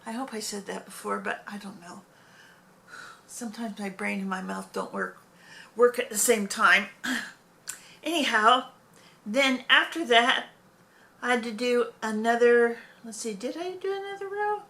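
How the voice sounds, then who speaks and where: A woman's voice: on the high side, measured pace, gravelly, pauses often, pushed and bright. A woman casually chatting about her crochet projects in a rambling way, often correcting herself mid-sentence. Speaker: crochet hobby vlogger. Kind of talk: casual show-and-tell chat.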